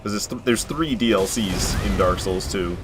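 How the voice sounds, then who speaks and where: A man's voice: lowish voice, moderate pace, over music. A man chatting casually with his viewers while he streams a video game from home, joking and laughing often. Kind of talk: casual live-stream commentary.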